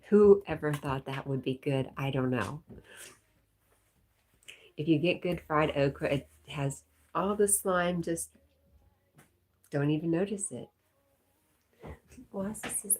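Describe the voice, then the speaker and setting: A woman's voice: low voice, animated, slow pace, pauses often, recorded from a distance, a little hiss or hum. A woman hosting a livestream, chatting casually as she reads viewer comments aloud and laughs often. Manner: chatty, laughs often, talks to her dog. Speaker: livestream host.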